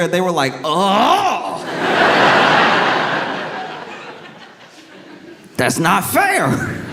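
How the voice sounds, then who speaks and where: A male stand-up comedian telling a story in an animated way, laughing as he acts out scenes. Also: on the high side, noisy background.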